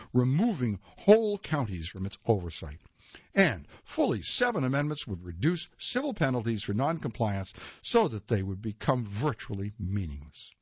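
A man reading a nonfiction history aloud in a measured way, with occasional slips and self-corrections. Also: medium pitch, husky, dry recording. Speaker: reader. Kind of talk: read-aloud nonfiction narration. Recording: dull lo-fi dry recording.

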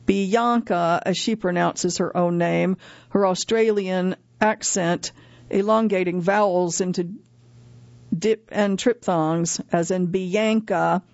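A woman narrates a magazine article in a measured, steady reading voice, now and then correcting herself. Her pitch sits in a middle range. The recording is close and dry, with a slightly muffled, dull tone. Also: no room sound. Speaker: article reader. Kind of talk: scripted narration of a magazine feature.

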